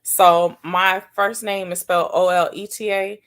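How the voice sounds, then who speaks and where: A woman hosting a casual livestream, chatting warmly and answering viewers' comments one by one. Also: fairly low pitch, steady tone, measured pace, clean tone. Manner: affectionate, calls viewers baby and sis. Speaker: livestream host.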